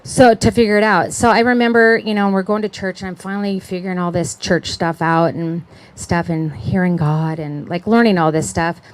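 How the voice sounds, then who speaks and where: A middle-aged woman with a slightly low voice tells her personal testimony. She speaks in a chatty storytelling way, acts out the voices of the people she quotes, and keeps checking in with her listeners. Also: fairly even intonation, normal speed, hardly any pauses, rough recording. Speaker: conference speaker.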